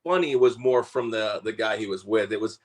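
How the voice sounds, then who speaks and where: On a sports talk radio show, a male co-host talks at a fairly quick clip with a fairly low pitch. His manner is laid-back and rambling, with "uh" and "so" cropping up again and again.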